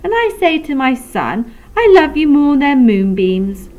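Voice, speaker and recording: A woman's voice: high voice, big pitch swings, measured pace, a little mellow. A woman voicing a soppy, doting mother in a storybook read-aloud, gushing in a sugary way.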